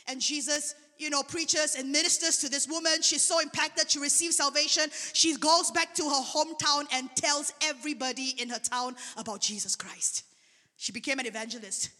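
High, bright woman preaching. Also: moderate pace. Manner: animated testimony storytelling. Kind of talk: sermon. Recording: long hall reverb.

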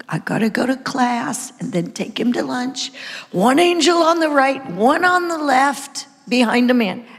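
A woman's voice: fairly high pitch, gravelly, husky. A woman preacher giving a dramatic sermon testimony, stammering through restarts and dropping into whispers. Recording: long hall reverb.

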